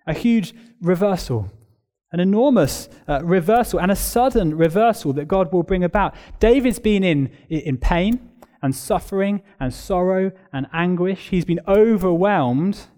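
A man preaching an expository sermon, emphatic, building intensity through repeated phrases and then dropping to a quiet, solemn tone. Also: sits high, expressive, measured pace.

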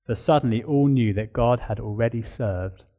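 A man preaching a sermon, speaking earnestly, building to emphatic peaks and dropping to a soft, low voice. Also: normal speed. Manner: reads a long passage aloud.

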